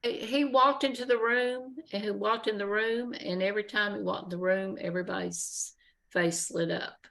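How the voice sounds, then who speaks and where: A woman's voice: mid-range voice, steady tone, normal speed, creaky. A woman at a poetry society meeting indoors, speaking fondly of a member with stumbling restarts. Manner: warm-hearted, stumbling restarts. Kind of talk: casual group chat.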